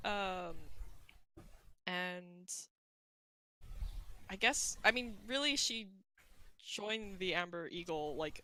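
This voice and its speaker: A young woman with a slightly low yet bright, forceful voice chats casually about her character at a tabletop game. She rambles and thinks aloud rather than sticking to a script.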